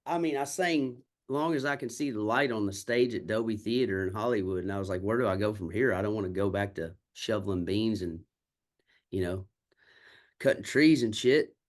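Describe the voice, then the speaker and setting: Here a country singer and songwriter from Kentucky spins candid, salty tales in a casual interview, voicing the people he quotes. His voice is lowish and his speed normal.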